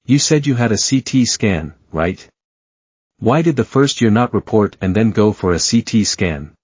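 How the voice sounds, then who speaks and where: A man's voice: on the low side, lively intonation, moderate pace, darkish tone, husky, no echo. A man voicing an arrogant male third-year resident doctor who scolds and sneers at a junior. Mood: scolding. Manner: scolding, sarcastic.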